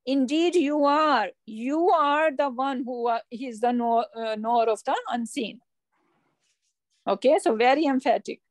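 This online lesson features a woman with a high, somewhat dark voice who teaches grammar at a moderate pace, explaining things patiently and quizzing her students as she goes. Her audio is close and dry, with no echo or room sound at all.

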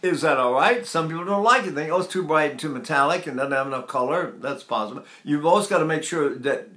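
A man's voice: on the high side, fast talker, fairly bright tone. An older man teaching singing technique, talking in a rambling way and breaking into sung vowels to demonstrate. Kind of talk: vocal lesson with sung demonstrations. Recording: echoey room.

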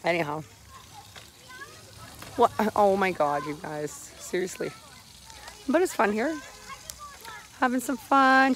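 Chatty mom vlogging at a spray park. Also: female voice, mid-range voice, slow, long pauses, a bit bright, rough recording. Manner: chatty, rambling, with laughs and fillers. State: hoarse from screaming. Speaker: mom filming her son at a spray park. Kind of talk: casual phone vlog.

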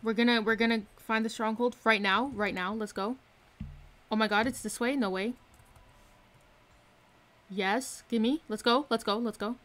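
A woman streaming a game live from her room, excitedly commenting and repeating herself with hyped exclamations. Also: fairly high pitch, a little slow, pauses often. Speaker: gaming streamer.

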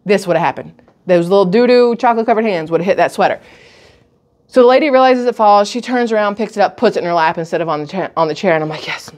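A woman vlogging, telling a long story with lots of feeling. Her pitch sits in the middle for a woman. She acts out other people's lines and her own thoughts as she goes. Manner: expressive, acts out voices and thoughts. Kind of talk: animated storytelling.

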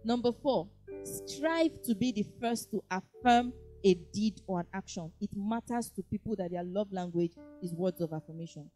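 A woman preaching in a lively way, acting out little dialogues and often saying "praise God". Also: mid-range voice, normal speed, faint music behind. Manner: animated, acts out dialogue, frequent "praise God". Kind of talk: lively sermon teaching.

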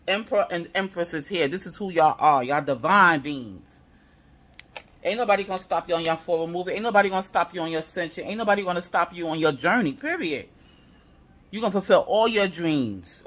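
A man's voice: high-pitched, sharp tone, a little hiss or hum. A man giving a tarot reading to viewers, heated and profane, piling up repeated affirmations. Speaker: tarot reader.

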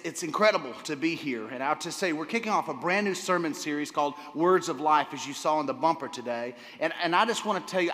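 A man pastor preaching a sermon to his congregation, enthusiastic, often repeating words and pausing with fillers. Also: on the high side, a bit bright. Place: church sanctuary. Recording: long hall reverb.

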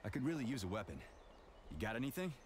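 A man's voice: medium pitch, big pitch swings, fast talker, noisy background, lightly acted. A man voicing a wry, laconic agent hero. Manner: laconic, dry, wisecracking. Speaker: special agent protagonist.

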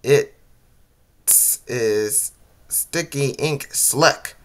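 A man's voice: mid-range voice, extremely slow. A man voicing an eager young male detective in a homemade story, speaking plainly.

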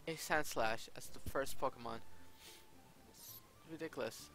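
A man giving casual, excitable gameplay commentary, exclaiming often. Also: mid-range voice, measured pace, soft background music. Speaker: Let's Play gamer.

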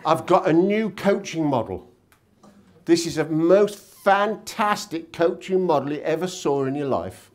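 Brief: male seminar speaker, lively pitch, storytelling, tag questions, hotel conference room. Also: unhurried. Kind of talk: motivational talk with anecdotes.

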